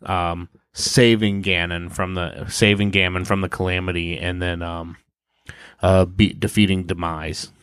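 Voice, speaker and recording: A man chatting casually on a gaming podcast, laid-back, often pausing on ums while laying out a theory. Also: low voice, little pitch movement, a bit bright, clean tone, dry recording, studio quality. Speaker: podcast co-host.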